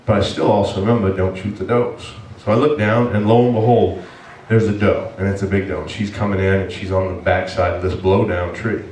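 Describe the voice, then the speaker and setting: A man's voice: low-pitched, level tone, fairly quick, hardly any pauses, a little mellow, far from the mic, slight background noise. A male pastor preaching a sermon, telling a personal story in an earnest, emotional way. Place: church sanctuary. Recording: echoey church heard from afar.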